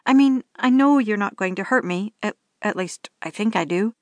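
A woman's voice: mid-range voice, normal speed, darkish tone, no echo, lightly acted. Woman voicing a flustered, stammering young driver. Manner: stammering, rambling.

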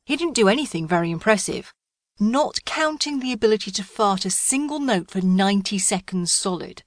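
A woman's voice: medium pitch, lively intonation, normal speed, dry recording, studio quality. A woman narrating an audiobook with a wry, comic storytelling manner.

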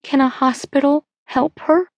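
A frightened teenage girl from an audiobook thriller, her voice climbing high and shaky with panic, as a woman narrator puts her on. She pleads frantically. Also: fairly even intonation, a little slow, no room sound. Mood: whispering. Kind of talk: audiobook character voice.

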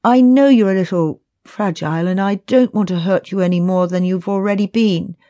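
A woman doing a shy, halting man. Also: mid-range voice, no room sound, lightly acted. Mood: hesitant. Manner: hesitant, halting, quiet. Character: shy, awkward confident man confessing.

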